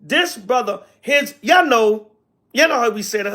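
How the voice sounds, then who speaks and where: A man's voice: very high voice, lively intonation, unhurried, sharp tone. A man speaking as an elder to a livestream audience, talking casually in with slangy, sarcastic asides and answering comments. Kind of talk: casual livestream teaching, reading chat comments.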